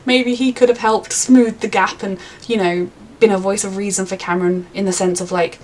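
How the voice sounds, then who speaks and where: A woman's voice: medium pitch, steady tone, moderate pace, hardly any pauses, a little mellow, slight background noise. A young woman reviewing a TV episode in a chatty, rambling way, with many fillers. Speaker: TV reaction reviewer. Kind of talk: casual reaction review.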